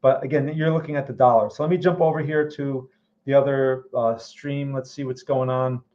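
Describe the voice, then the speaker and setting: A man hosts a casual trading livestream in a medium-pitched, darkish voice with fairly even intonation and a moderate pace, on a muffled recording. He looks over charts while answering questions from viewers, often saying "all right" and "okay."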